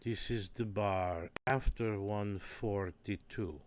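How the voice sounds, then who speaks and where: A man doing a slow, careful impression of a fussy Hungarian male conductor, with a Hungarian accent. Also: fairly low pitch, slight background noise. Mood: instructing. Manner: slow, overly careful pronunciation.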